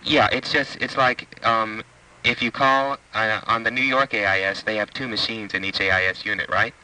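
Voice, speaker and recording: A man's voice: fairly low pitch, steady tone, normal speed, pushed and bright, far from the mic. A man who is a telephone enthusiast, eagerly explaining technical details on a phone call. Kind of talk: phone conversation.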